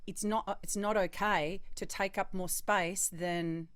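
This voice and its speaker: A woman's voice: mid-range voice, fairly even intonation, slow, fairly bright tone, dry recording. A woman from Australia co-hosting a podcast, talking earnestly and emphatically as she thinks aloud. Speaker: podcast co-host, voice actor. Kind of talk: casual discussion.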